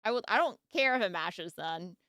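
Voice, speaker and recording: A woman's voice: on the low side, lively intonation, moderate pace, bright, forceful tone, no room sound, clean studio sound. A woman streaming a casual reaction, chatty and rambling, with frequent giggles and restarts.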